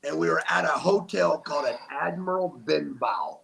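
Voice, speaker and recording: Over a noisy crowd, a former wrestler, now an older interview guest, talks at a moderate pace in a voice on the high side with vocal fry. His storytelling is animated and emphatic, and he acts out people's quotes.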